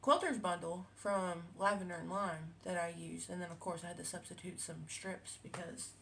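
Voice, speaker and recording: A woman's voice: on the low side, fairly even intonation, normal speed, gravelly, a bit bright, slight background noise. A woman, a quilting vlogger chatting casually at home, rambling with many fillers and restarts. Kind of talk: casual chat. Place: home with cats.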